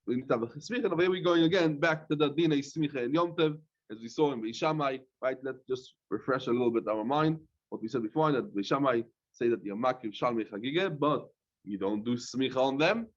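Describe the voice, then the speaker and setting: A rabbi teaching a Talmud class, reading the text in a singsong chant and explaining it in plain, hesitant speech. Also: male voice, mid-range voice, animated, fast, lo-fi sound. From London. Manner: hesitant, with many "uh" fillers.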